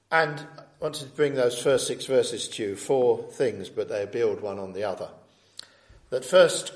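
Emphatic preacher in a roomy hall. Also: male voice, medium pitch. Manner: earnest, emphatic, with rhetorical questions. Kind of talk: sermon with scripture reading. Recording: roomy echo.

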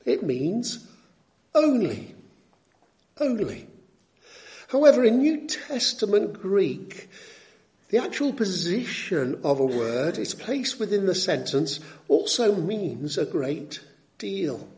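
Emphatic preacher with a lively high voice. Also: male voice, slow, pauses often. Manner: emphatic, teacherly, repeats key phrases. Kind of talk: expository sermon.

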